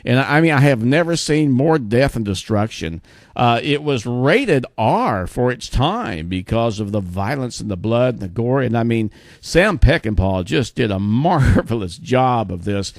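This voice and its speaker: A man's voice: medium pitch, animated, a little slow, no echo, studio quality. A man in his sixties hosting his show, talking casually to viewers in a rambling way full of fillers and asides. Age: 60s. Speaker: show host.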